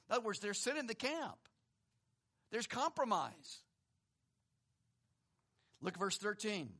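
Male pastor, conversational sermon, rhetorical questions, high bright voice. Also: very animated, unhurried, pauses often. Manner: reads scripture aloud, swings between emphatic and hushed.

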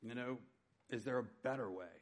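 A middle-aged man preaching a sermon, telling his personal testimony with dynamic swings from loud emphasis to quiet. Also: medium pitch, fairly quick. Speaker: pastor.

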